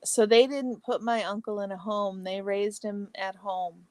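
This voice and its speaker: Slow, chatty woman livestream host. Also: medium pitch, steady tone, dry recording. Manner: reads viewer comments aloud and answers them warmly by name; chatty, exclamatory, trails into soft asides. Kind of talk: casual chat.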